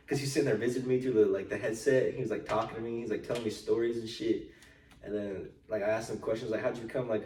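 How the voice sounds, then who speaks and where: A man's voice: medium pitch, slight background noise. A young man tells loose, profanity-laced stories from his childhood and acts out the people in them as he goes. He sits back from the mic, so he sounds a little distant. The room is bare and echoey. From United States. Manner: animated storytelling, swears freely, acts out quoted people. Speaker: podcast host. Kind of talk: casual chat.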